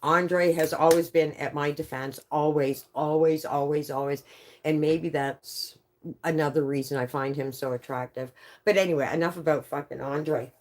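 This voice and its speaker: Low-voiced woman telling profane stories. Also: steady tone, normal speed. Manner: profane, laughs often through her words. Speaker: livestreamer. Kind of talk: casual storytelling on a live stream.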